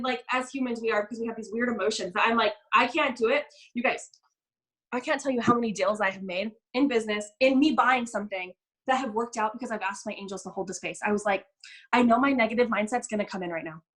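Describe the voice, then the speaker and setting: A young woman coaching a live online group, telling stories in an animated way and acting out the people she quotes. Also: a little high, rough recording. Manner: fast, bubbly, animated storytelling with quoted voices. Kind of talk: live business coaching session.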